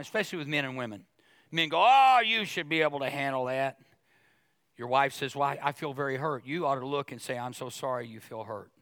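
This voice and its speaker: A middle-aged man preaching a sermon with a bright, forceful voice pitched a little high. He is animated and joking, slipping into the voices of other people. The sound is dry and close. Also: no room sound. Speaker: pastor.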